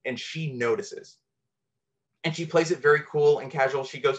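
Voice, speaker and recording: A man's voice: on the high side, moderate pace. A man telling a true, personal story from his teenage years, earnest and candid with a self-deprecating edge.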